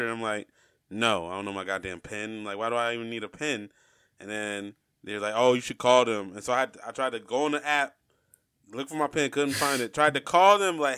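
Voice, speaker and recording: A young man in casual podcast chat, telling an animated story full of swearing and loud laughs. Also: medium pitch, brisk, smooth, dry recording, clean studio sound.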